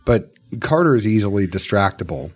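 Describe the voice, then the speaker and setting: A man's voice: fairly low pitch, sing-song, brisk, slightly rough, faint music behind. A man hosting a podcast, telling stories in a casual, joking way. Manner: storytelling, jokey. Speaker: podcast host. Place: distillery office.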